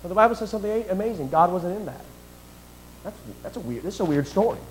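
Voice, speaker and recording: A man with a very high voice preaching a sermon. He drops to quiet, low asides, then builds to loud, stretched-out emphatic lines. He reads scripture aloud in old-fashioned wording. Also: lively intonation, quick pace, poor audio.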